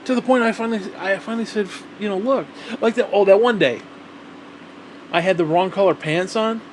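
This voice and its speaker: A vlogger with a high-pitched, brisk voice rants to the camera, a faint hiss or hum behind him. His monologue is rambling and profane, and he repeats himself as he gets more heated.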